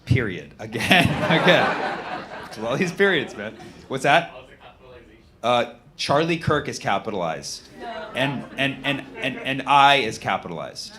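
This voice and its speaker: A man doing a stand-up comedy routine, mocking text messages, switching between a flat deadpan read and loud, excited punchlines. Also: medium pitch, measured pace, a crowd in the background. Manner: animated, mocking, reads texts aloud in flat deadpan, shouts punchlines.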